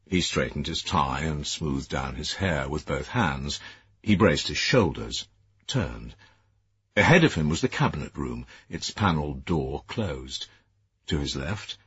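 A man narrating an audiobook in a measured, expressive storytelling manner. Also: a bass voice, slightly rough, no room sound. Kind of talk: scripted narration. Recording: dull, dry lo-fi studio audio.

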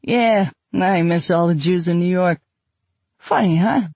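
A man's voice: high voice, measured pace, vocal fry, darkish tone, no room sound, highs cut off, pitched above the performer's own voice, exaggerated voice. A man voicing a homesick, talkative young man with a Bronx accent. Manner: eager, chatty and nostalgic.

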